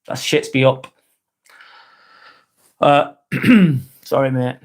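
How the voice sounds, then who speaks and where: Frank, swearing man. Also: medium pitch. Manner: frank and heavy with swearing, halting restarts; earnest and sympathetic. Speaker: live vlog host. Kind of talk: casual live-stream chat.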